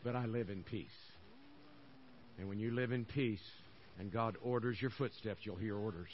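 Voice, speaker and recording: A man's voice: lowish voice, moderate pace, lo-fi sound. An older man preaching a sermon as pastor, folksy and conversational, hammering phrases over and over.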